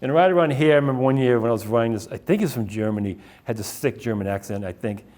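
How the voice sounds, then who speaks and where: A middle-aged man tells running stories in a loose, rambling way. He talks at an ordinary pitch, stopping now and then to restart a sentence, and often drops in "uh" and "um" as he goes. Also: fast, darkish tone. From Boston area. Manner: rambling, anecdotal, many fillers and restarts. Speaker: author giving a library talk. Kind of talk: casual slideshow talk.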